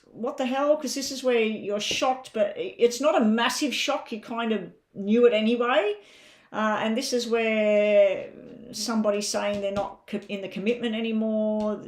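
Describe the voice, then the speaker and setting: Chatty Australian woman reading tarot. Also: mid-range voice. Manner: chatty, thinks aloud over the cards. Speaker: tarot reader. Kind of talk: live-stream tarot reading.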